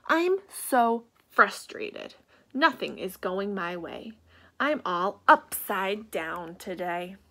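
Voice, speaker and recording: A frustrated turtle from a picture book, weary and fed up, as a woman reads him aloud. She slows it right down and drops a little lower. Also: big pitch swings, sharp tone, exaggerated voice.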